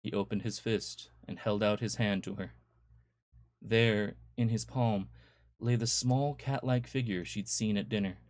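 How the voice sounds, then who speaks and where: A man reading aloud his own horror story in a measured, storytelling way. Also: on the low side, steady tone, a little mellow, no room sound, studio quality.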